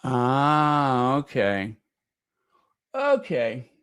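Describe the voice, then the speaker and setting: Slow, chatty man with dry sound. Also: mid-range voice, wildly swooping pitch, fairly bright tone, smooth, dry recording. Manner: chatty, searching aloud while stumbling over words. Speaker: royal gossip channel host. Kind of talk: casual chat.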